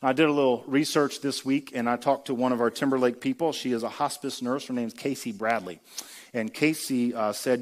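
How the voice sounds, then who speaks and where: A man's voice: medium pitch, steady tone, brisk. A man giving a sermon in a conversational preaching style, asking the congregation rhetorical questions. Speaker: pastor.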